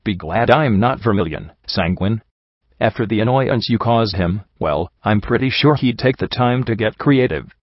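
A man's voice: on the low side, animated, normal speed, no echo. A man voicing a smug, dismissive male griffin mercenary in an audiobook. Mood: snide. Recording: dry, slightly dull home recording.

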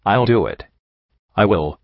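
A man voicing a young male pony in an audiobook, angry and grieving, with raw, bitter shouts. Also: lowish voice, animated, measured pace, gravelly, no room sound. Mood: furious. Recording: dry, slightly dull home recording.

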